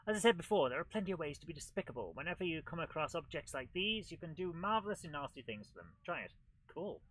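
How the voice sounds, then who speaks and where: A man hosting a retro gaming show, giving chatty, excitable commentary while he plays. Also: a little high, quick pace, dry recording, low-quality recording. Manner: chatty and excitable, with frequent laughs and exclamations. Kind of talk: live gameplay commentary.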